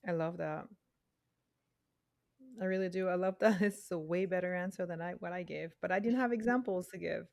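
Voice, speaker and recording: A woman hosting a podcast, speaking slowly and thoughtfully with pauses in casual conversation. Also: lowish voice, vocal fry, a little mellow. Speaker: podcast host.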